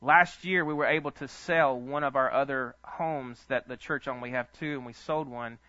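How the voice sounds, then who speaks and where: A male pastor, telling stories in a sermon with an animated, chuckling manner. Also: medium pitch, normal speed, dry recording. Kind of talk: storytelling sermon. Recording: dull lo-fi dry sound.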